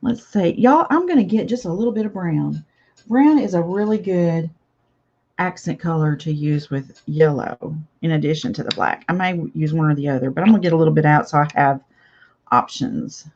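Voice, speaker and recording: A woman's voice: low voice, normal speed, a little mellow, muffled recording. An older woman hosting a casual live craft chat, chatty and reading viewer comments aloud with frequent laughs. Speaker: craft channel host.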